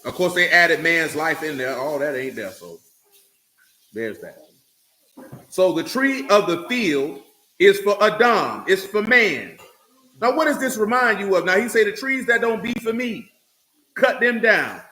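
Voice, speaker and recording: High, bright-voiced preacher in an echoey room. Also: male voice, sing-song. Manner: preaching to a congregation, reading scripture aloud slowly, rhetorical questions. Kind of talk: sermon. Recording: echoey room with faint noise.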